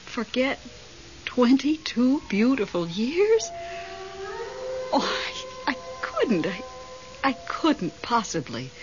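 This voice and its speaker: A startled lonely widow, old radio play. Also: female voice, on the high side, very animated, slow, pauses often, soft background music. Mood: insistent. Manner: breathless and startled, gasping. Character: lonely widow Melba, frightened, devoted to dead husband. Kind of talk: 1970s radio drama acting. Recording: dull old radio broadcast, faint hiss.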